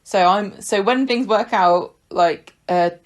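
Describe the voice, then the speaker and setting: A woman's voice: medium pitch, takes it slowly. A woman co-hosting a podcast, chatty and hesitant, with frequent laughs. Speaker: podcast co-host. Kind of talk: casual chat.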